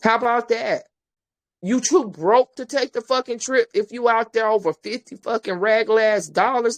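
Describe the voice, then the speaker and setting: A woman's voice: a little high, normal speed. A woman host giving blunt, profane commentary, ranting with exasperation to her listeners.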